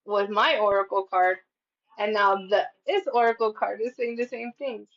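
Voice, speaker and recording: A woman's voice: mid-range voice, fairly even intonation, moderate pace, fairly bright tone, lo-fi sound. A woman giving a casual tarot reading, talking in a chatty, profane way with lots of "like". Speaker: tarot reader.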